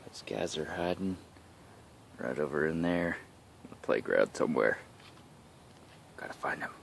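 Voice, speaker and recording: A man's voice: rumbling low, lively intonation, measured pace. A man, a father in a family vlog, talking in a playful, mock-heroic way. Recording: outdoor with clear background noise.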